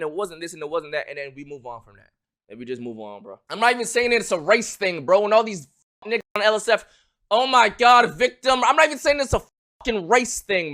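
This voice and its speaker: A young man streaming live, talking in an animated, loud way and swearing a lot as he argues his point. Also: sits high. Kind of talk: heated casual chat on a live stream.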